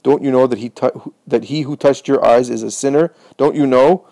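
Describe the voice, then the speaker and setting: A man's voice: mid-range voice, fairly even intonation, moderate pace, warm tone, no room sound, lightly acted. A man voicing scornful male Pharisee elders who scold in a raised voice.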